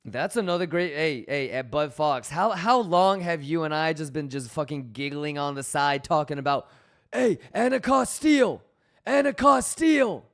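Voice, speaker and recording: Male livestream host, slightly high and clear, unhurried, profane banter with chat. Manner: loose, profane banter reading chat messages aloud; hyped, calling out viewers by name.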